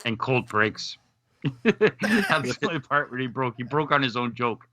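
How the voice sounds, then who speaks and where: A man from Canada co-hosting a casual podcast, joking and bantering with quick laughs. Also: mid-range voice, big pitch swings, bright, forceful tone, dry recording. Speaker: podcast co-host.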